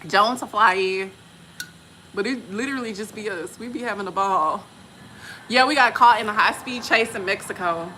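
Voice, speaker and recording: A woman's voice: mid-range voice, normal speed, pushed and bright, slight background noise. A woman in her forties from Texas, telling travel stories in casual, slangy chat and laughing often. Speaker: vlogger and respiratory therapist.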